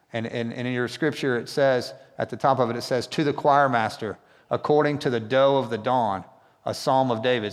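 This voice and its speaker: A man preaching a sermon in a casual, conversational way, often asking the congregation questions. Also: mid-range voice. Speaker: pastor. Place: church hall. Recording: long reverb of a church hall.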